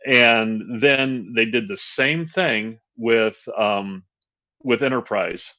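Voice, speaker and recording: A man co-hosts a podcast, talking in a bright, forceful voice as he rants with exasperated energy. The sound is a little dull and lo-fi. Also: medium pitch, takes it slowly. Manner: animated, exasperated ranting with laughs. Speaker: podcast co-host. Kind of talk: casual chat.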